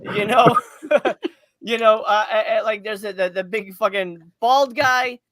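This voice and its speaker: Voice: mid-range voice, measured pace, fairly bright tone, no echo. A podcast host chatting casually in a movie review, rambling and swearing freely, laughing often.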